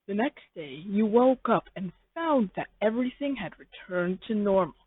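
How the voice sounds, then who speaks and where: A narrator reading a fan fiction story in slow, rambling second-person narration. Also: medium pitch, expressive, slightly rough, no room sound. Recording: tinny phone-like dry sound.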